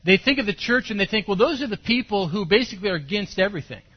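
A man preaching a sermon as a pastor, telling his story with animation and sudden loud bursts. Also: sits high, expressive, fast talker. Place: church service. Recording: dull lo-fi sermon recording.

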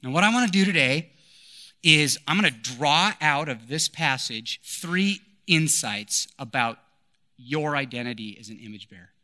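A man's voice: fairly high pitch, lively intonation, moderate pace, pushed and bright. A man in his forties preaching a sermon, emphatic and repeating his key phrases. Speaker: pastor.

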